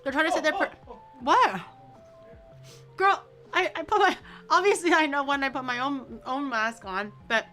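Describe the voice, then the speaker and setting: A woman's voice: fairly high pitch, sharp tone. A woman streamer chatting casually while cooking, playful and teasing, stretching out words to poke fun at pronunciations.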